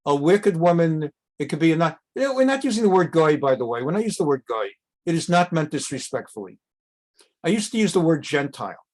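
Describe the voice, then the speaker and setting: A middle-aged man, a rabbi, teaching a conversational class on a Bible text, reading Hebrew passages and translating them with asides, jumping up in pitch when he acts out quotes. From America. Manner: animated, jumps up in pitch when acting out quotes.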